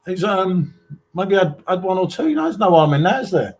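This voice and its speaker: A man's voice: high-pitched, wildly swooping pitch, moderate pace, creaky, darkish tone, slightly rough. A man with an English accent hosting a live stream, chatting casually and reading out viewer comments, calling everyone mate. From England. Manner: chatty, reads viewer comments aloud, calls people mate.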